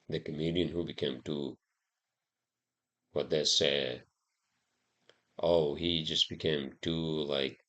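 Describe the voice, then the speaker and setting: A man's voice: extremely low pitch, creaky. A man hosting a solo podcast, rambling and swearing heavily through a heated rant. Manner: rambling, profane, heated ranting. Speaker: podcast host.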